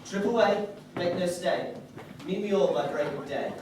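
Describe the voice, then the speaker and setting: An actor playing the commanding fairy king, chanting a measured verse blessing on a live stage. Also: mid-range voice, lightly acted. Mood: solemn. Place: theatre stage, audience filming. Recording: echoey hall, mic far off, noisy.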